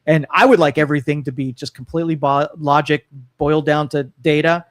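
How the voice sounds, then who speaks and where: A man's voice: a little high, fairly even intonation, fairly quick. A man co-hosting a call-in talk show, arguing earnestly from principle and putting questions to the listeners. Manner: earnest, argues from principle, asks the audience questions. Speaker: co-host. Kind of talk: political talk-radio commentary.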